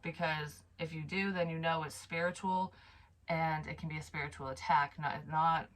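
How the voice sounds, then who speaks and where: A woman's voice: low-pitched, level tone, normal speed, fairly bright tone, poor audio. Frank, swearing woman telling a story. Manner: frank, swears freely, sighs and trails off. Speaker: psychic medium vlogger. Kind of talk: casual storytelling to camera.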